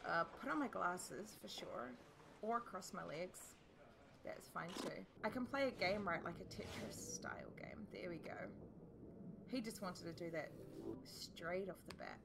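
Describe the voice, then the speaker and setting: A woman's voice: fairly low pitch, lively intonation, a little slow, gravelly, background noise. A woman with a New Zealand accent, chatting and joking as she plays through a video game. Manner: chatty, swears, jokes at the screen. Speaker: let's play host. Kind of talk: casual gameplay commentary.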